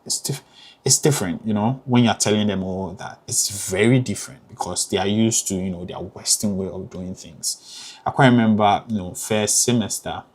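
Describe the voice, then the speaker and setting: A young Ghanaian man with a Ghanaian accent speaks at a fairly low pitch and moderate pace, his voice a little mellow. He's a theatre graduate student offering casual advice, chatty and emphatic, with lots of "you know" fillers.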